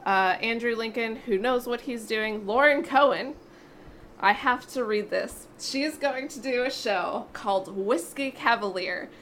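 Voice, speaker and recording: A woman's voice: fairly high pitch, a little slow, slight background noise. A woman hosting a casual panel chat, reading out entertainment news with wry asides. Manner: animated, reads news items aloud with wry asides. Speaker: show host presenting entertainment news.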